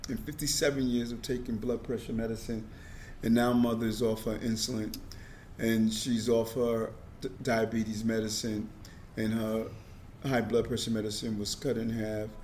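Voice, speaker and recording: A middle-aged man speaks earnestly as an interview guest, often repeating a word as he gets a sentence going. His pitch sits at an ordinary level for a man. A faint hiss runs under the recording. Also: a little mellow. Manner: earnest, repeats words when starting sentences. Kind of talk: casual conversation.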